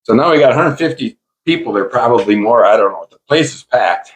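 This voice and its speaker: An older man hosting a podcast, telling small-town stories in a loose, animated way with bursts of laughter. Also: mid-range voice, brisk, low-quality recording. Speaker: podcast host. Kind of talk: casual storytelling.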